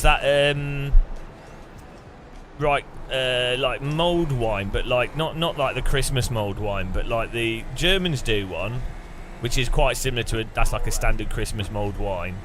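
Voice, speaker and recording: A man's voice: medium pitch, background noise. A man chatting casually on stream while sim racing, rambling and joking at his own expense. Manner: rambling, jokey, self-mocking.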